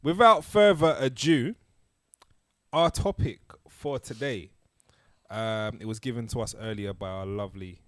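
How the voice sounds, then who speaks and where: A man's voice: mid-range voice, measured pace, no echo. A young man, hosting a podcast in casual, joking chat full of slang. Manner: laughing banter, London slang. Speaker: podcast host.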